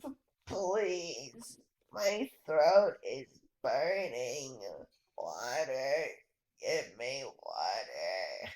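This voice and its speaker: A woman's voice: a bass voice, big pitch swings, extremely slow, a little mellow, echoey room, pitched below the performer's own voice, heavily acted, rough recording. A woman doing a dying, burned old man begging weakly for water. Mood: pleading, weak. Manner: weak, pleading, strained.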